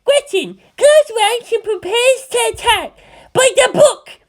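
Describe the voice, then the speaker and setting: A woman voicing a bossy little girl who leads a gang of children, shrill and commanding. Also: animated, slow, exaggerated voice.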